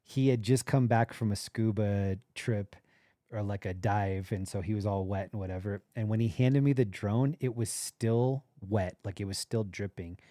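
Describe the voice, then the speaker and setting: A man's voice: lowish voice, moderate pace, warm tone, no echo, studio quality. A man hosting a livestream, telling a long anecdote in casual chat and quoting the people in it. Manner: rambling anecdotal, quotes people in his story. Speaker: livestream host. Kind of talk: casual storytelling.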